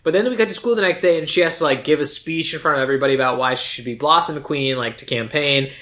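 A man's voice: fairly high pitch, fast talker, bright, forceful tone. A man co-hosting a podcast, recapping a movie in rambling, sarcastic casual chat and acting out the characters' lines. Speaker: podcast co-host.

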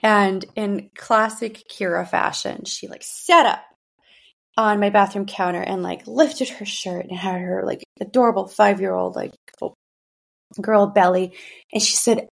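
A woman in her thirties speaks openly in a podcast monologue, her mid-range voice carrying a noticeable gravelly fry. She talks in a loose, conversational way, circling back and restarting her sentences as she thinks aloud. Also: mid-range voice, fairly even intonation, a little slow. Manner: candid, conversational, many restarts and fillers. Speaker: podcast host. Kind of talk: personal monologue.

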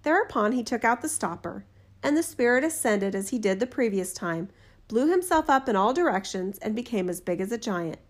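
A woman narrating a fairy tale in a steady, measured reading voice. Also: fairly high pitch. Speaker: storyteller. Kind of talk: storybook narration.

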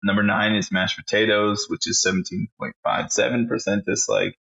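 Man, low voice with a bright edge, profane casual podcast co-host. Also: steady tone, normal speed, gravelly, lo-fi sound. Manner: profane, blunt, reads out a list.

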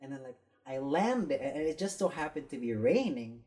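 A woman's voice: extremely low pitch, normal speed. A young woman casually telling a story to friends, swearing freely and acting out the lines of the people in it. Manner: animated, swearing, acts out quoted lines.

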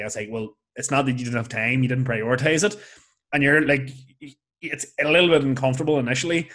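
A man with a Lurgan accent from Northern Ireland hosting a casual podcast conversation, talking in a blunt, candid and animated way. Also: mid-range voice, brisk. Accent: Northern Irish, Lurgan. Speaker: podcast host.

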